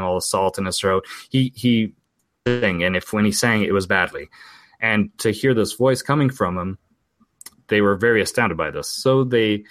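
A man's voice: on the low side, no room sound. A man in his forties from Portugal, telling a family ghost story in a casual, rambling way, with restarts and quoted voices.

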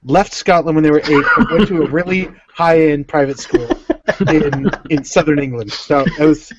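A man's voice: a little high, steady tone, moderate pace, lo-fi sound, background noise. A man co-hosting a casual podcast, teasing and joking. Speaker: podcast co-host. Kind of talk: casual chat.

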